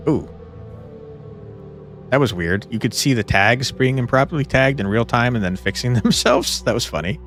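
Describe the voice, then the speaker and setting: Playful streamer man with a lively voice. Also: mid-range voice, moderate pace, soft background music. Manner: playful, chatty, thanks viewers. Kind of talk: live game streaming, reading story text aloud.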